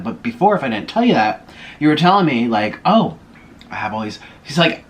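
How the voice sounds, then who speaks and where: A young man at a table at home talks to his camera in a loose, rambling way, stopping now and then to eat. His voice sits at an ordinary middle pitch, with a faint hiss in the background. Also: sing-song, a little fast. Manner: chatty, rambling, with chewing and food noises between stories. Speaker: vlogger. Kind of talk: casual storytelling while eating on camera. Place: home room, sitting at a table.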